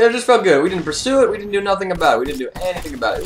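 Fast-talking young man rambling over gameplay. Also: high-pitched, very animated. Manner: rambling, many fillers and restarts. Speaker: gaming YouTuber. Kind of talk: casual commentary over gameplay.

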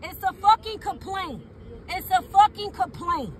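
A woman's voice: extremely high pitch, animated, measured pace, a little hiss or hum. A woman recording a police encounter on her phone outdoors at night, angry, repetitive and swearing. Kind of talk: angry confrontation filmed on a phone. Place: outdoors in a parked car at night.

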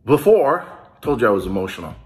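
An American man hosts his own small business vlog and speaks straight to his viewers. His voice sits high and sounds bright and ringing. He rallies the audience with hype and lets his feelings show. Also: expressive, normal speed. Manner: hyped, rallying, talks straight to viewers. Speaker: small business video host. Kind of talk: casual emotional vlog.

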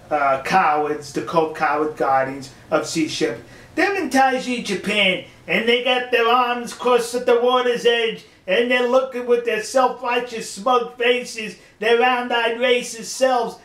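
A man, speaking, delivers a mocking, emphatic opinion rant to his viewers, stressing words slowly. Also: extremely high pitch, fairly bright tone, roomy sound. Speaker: video commentator. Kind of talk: ranting opinion monologue.

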